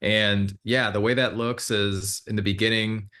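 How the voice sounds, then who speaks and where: A man with a lowish voice explains hypnotherapy sessions as an interview guest. He talks in a relaxed, meandering way, full of fillers and restarts. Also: measured pace. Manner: relaxed, meandering, with many fillers and self-corrections.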